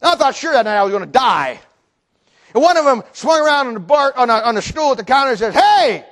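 A male preacher delivering a sermon in a very high voice. He talks in an animated, storytelling way, acting out the people he describes. He often stumbles over and repeats words as he builds momentum. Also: fast talker.

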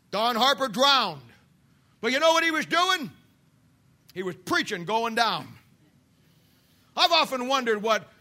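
A man preaching a sermon with a striking high pitch and a bright, piercing edge. He swings from booming shouts down to hushed, quiet asides. He has a fiery pulpit manner.

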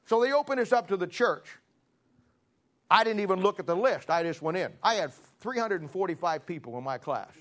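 A middle-aged man preaching a sermon, telling stories in a folksy way and building to forceful emphasis. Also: high voice, expressive, a little fast. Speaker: pastor. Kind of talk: storytelling sermon.

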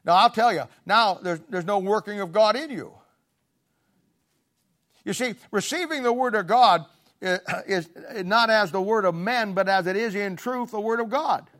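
A man's voice: high-pitched, moderate pace. Blunt preacher man, fiery swings. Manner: swings from quiet murmurs to loud emphatic peaks; blunt, scolding, plain-spoken. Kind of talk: sermon.

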